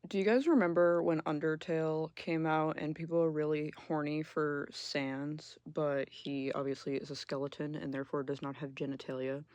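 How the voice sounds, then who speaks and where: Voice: medium pitch, steady tone, moderate pace, few pauses, a little mellow, no room sound. A young adult YouTuber giving blunt, sarcastic, casual comedic commentary and swearing freely. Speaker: YouTuber ranking game characters.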